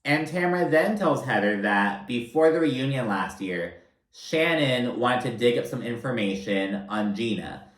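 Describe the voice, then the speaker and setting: A man's voice: mid-range voice, animated, measured pace, fairly bright tone, echoey room, rough recording. A man giving a casual recap of a reality TV episode, blunt, profane and sarcastic in his asides.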